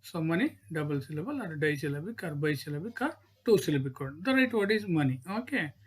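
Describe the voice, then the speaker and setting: A woman's voice: low-pitched, expressive, quick pace, slightly rough. A woman with an Indian English accent teaching a grammar lesson, saying each word over and checking in with "right?" and "okay".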